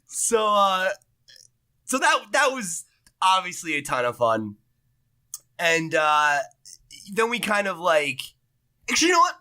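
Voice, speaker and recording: Animated guy cohosting a chatty review podcast, bright voice, pitch all over the place. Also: a little slow, pauses often. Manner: animated, laughs often, swears casually. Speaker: podcast co-host. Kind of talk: casual review chat.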